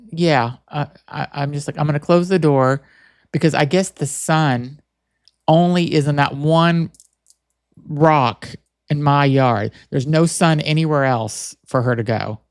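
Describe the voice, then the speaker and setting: A man's voice: a little high, unhurried, dry recording, studio quality. Rambling, chatty male podcast host. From Boston area. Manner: rambling, chatty, many "like" fillers and restarts. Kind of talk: casual storytelling monologue.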